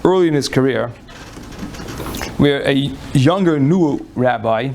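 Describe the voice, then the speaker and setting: Before a live audience in a lecture room, a man lectures on Jewish law in a folksy, conversational manner, frequently restarting his phrases. His medium-pitched voice is expressive, slow, gravelly and darkish, with a little hiss or hum.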